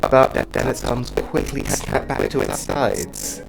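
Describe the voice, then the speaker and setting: A man narrating a fantasy story to the listener in second person, in a rambling, playful way, over loud music. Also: mid-range voice, little pitch movement, takes it slowly, creaky, poor audio. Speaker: narrator and game master.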